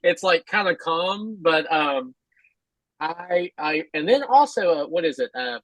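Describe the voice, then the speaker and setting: A man co-hosting a podcast who talks in a halting, hesitant way with many restarts. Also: a little high, lively intonation, no echo, rough recording. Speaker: podcast co-host. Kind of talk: casual podcast chat.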